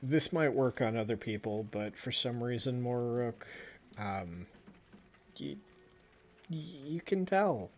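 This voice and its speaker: A man runs a tabletop role-playing game, narrating in a relaxed, halting manner. His voice sits at an ordinary middle pitch. A faint noise hangs in the background. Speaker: game master.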